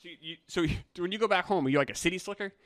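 A man co-hosting a casual film-review chat, animated and incredulous as he teases his co-host. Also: high voice, rapid-fire, no room sound, clean studio sound. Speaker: podcast co-host.

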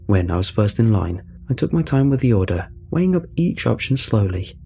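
A man narrating a first-person story in a measured, dry way. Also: on the low side, big pitch swings, vocal fry, mellow, a little hiss or hum.

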